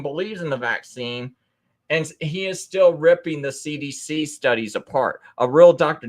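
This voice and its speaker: A man calling into an open mic show, arguing in a rambling, stammering way and acting out the people he quotes. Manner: rambling, stammering, repeats words; acts out quoted friends in a higher voice. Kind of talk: heated casual debate.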